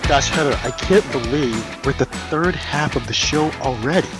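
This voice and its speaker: A man's voice: mid-range voice, lively intonation, normal speed, over loud music, rough recording. Emphatic man on talk radio. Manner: emphatic, indignant, mimics others. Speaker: radio talk show co-host. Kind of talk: opinionated talk radio commentary.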